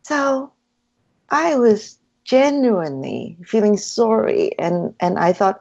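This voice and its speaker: A woman's voice: medium pitch, animated, slow pace, a little mellow. A woman guest in an interview, earnestly telling her story and acting out her own inner dialogue in a dull, lo-fi recording. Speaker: hypnotherapy practitioner, guest.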